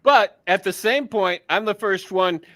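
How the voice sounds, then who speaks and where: A man's voice: sits high, a little slow, sharp tone, dry recording. A man co-hosting a casual podcast, talking bluntly with crude jokes and mock rants. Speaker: co-host.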